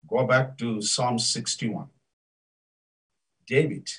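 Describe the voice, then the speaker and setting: A man preaching a sermon, emphatic and rising to loud declarations. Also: mid-range voice, recorded from a distance, low-quality recording.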